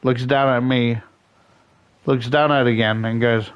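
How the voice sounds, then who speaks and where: A man's voice: mid-range voice, steady tone, measured pace, clear, resonant tone, muffled recording. Brief: sick streamer guy with a sore throat, cursing through a casual rant. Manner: swears a lot, ranting anecdotes. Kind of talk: casual storytelling while gaming.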